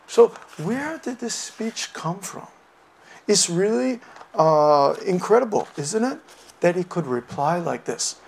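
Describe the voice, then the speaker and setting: A man giving a Buddhist lecture, retelling a teaching story with lots of hesitant fillers and bursts of animated wonder. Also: sits high, slow pace, creaky, slightly rough. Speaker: dharma teacher.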